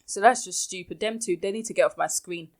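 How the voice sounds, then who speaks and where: A woman's voice: fairly low pitch, a little fast. A woman hosting a casual podcast recap, blunt and exasperated in her opinions. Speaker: podcast host.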